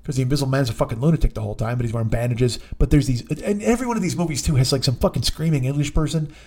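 A man hosting a comedy podcast, telling a profane, excitable monologue and breaking into voices. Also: medium pitch, very fast, a little hiss or hum. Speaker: podcast host.

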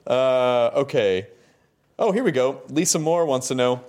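A man's voice: medium pitch, a little slow. A man hosting a casual interview, joking and reading viewer questions. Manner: joking, animated. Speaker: interview host.

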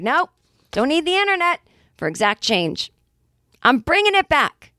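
A woman's voice: high voice, very animated, bright, forceful tone, no echo, studio quality. Wry, chatty woman comic host. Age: 40s. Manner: chatty and wry, with quick acted-out asides. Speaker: podcast host. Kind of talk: casual comedic monologue.

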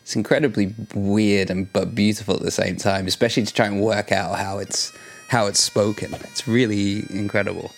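A man with a fairly low voice chats loosely on a podcast, giggling and poking fun at himself. His talk is casual and quick to laugh. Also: flat delivery, vocal fry, faint music behind. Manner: giggly, self-mocking. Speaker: podcast co-host. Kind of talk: casual chat.

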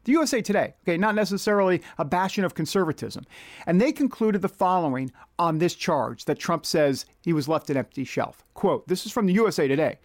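A man's voice: high voice, animated, fairly quick, dry recording, clean studio sound. A man hosting a political commentary monologue, reading out quotes in an indignant, rhetorical manner.

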